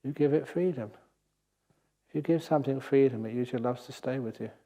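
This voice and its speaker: Gentle older man, mellow voice. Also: mid-range voice. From England. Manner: gentle, unhurried, with playful asides. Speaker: meditation teacher. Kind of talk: guided meditation talk. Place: meditation hall at a retreat centre.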